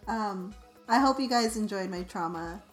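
A young woman telling a story on her vlog in a casual, animated, self-mocking way, full of "like". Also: medium pitch, moderate pace, soft background music. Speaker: vlogger.

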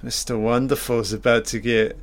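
A man's voice: medium pitch, flat delivery, normal speed. A man giving a casual, crude running commentary on a film. He swears freely and is sardonic. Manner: mimics characters in mock voices.

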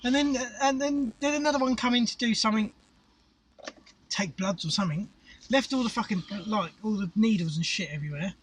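A man's voice: sits high, a little fast, recorded from a distance, slight background noise, low-quality recording. A middle-aged Englishman telling crude, sweary stories and laughing in casual chat, recorded in a parked car. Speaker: podcast co-host.

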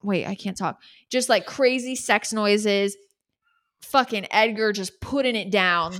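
A young woman recapping a show in loose, casual chat, blunt and profane, with a lot of "like" sprinkled through. Her voice sits at an ordinary, middle pitch for a woman, neither high nor low. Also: a little slow, a bit bright. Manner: candid, swears freely, fills speech with "like". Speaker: podcast co-host.

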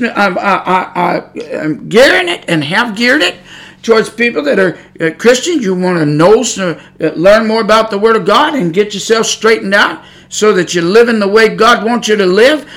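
An older man preaching a podcast sermon, swinging from shouted warnings to quiet, personal talk. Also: high voice.

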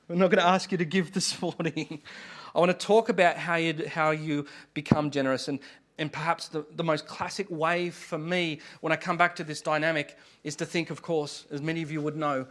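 A man with an Australian accent, preaching a sermon as pastor, with humor and dramatic pauses. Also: on the high side, fairly even intonation, a bit bright.

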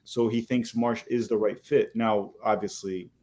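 A man's voice: on the low side, fairly even intonation, measured pace, a little mellow, slight background noise. A man guest on a casual podcast, explaining a point at length with fillers and repeated words.

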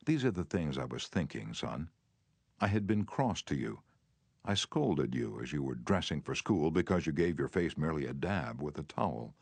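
Deep-voiced male audiobook narrator. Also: darkish tone, dry recording. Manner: measured, earnest reading with tender, remorseful passages.

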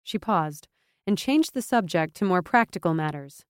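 A woman reading a fantasy novel aloud in a measured, steady way. Her voice sits low, and the recording is close and dry. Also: smooth, no room sound. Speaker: audiobook narrator. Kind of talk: scripted fantasy narration.

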